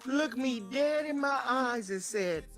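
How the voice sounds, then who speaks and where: Woman, high voice, animated profane storyteller, faint music behind. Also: slow. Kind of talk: casual storytelling.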